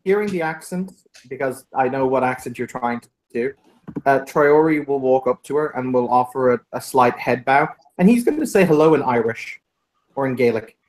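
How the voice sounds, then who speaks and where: A man's voice: medium pitch, expressive, normal speed, darkish tone, poor audio. A man playing a tabletop game, speaking bluntly and casually. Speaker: player.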